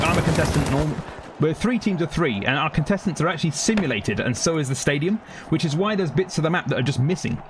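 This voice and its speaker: A man's voice: fairly high pitch, very noisy. A man with a London accent, chatting casually to his viewers while playing a game live, rambling between topics. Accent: London English. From Britain. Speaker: game streamer. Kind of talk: live gaming stream chatter.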